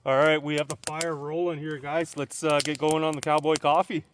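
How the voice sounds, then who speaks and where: Homestead guy vlogging outside, kinda high voice, lots of you guys, some reverb. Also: little pitch movement, fairly quick, noisy background. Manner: chatty, addresses viewers as "you guys". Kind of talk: casual outdoor vlog. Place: outdoors on a homestead by a campfire.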